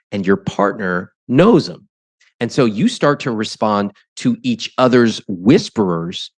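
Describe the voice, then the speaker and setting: A man's voice: fairly low pitch, no room sound. A man hosting a money podcast, asking a couple pointed questions and affirming their answers directly. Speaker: podcast host, money coach. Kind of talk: probing interview with a couple.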